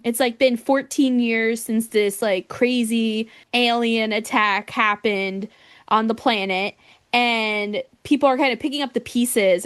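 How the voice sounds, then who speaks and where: Brief: chatty, excitable woman podcast co-host with a slightly high voice. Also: smooth. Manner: chatty, excitable, frequent "like" fillers. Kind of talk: casual podcast chat.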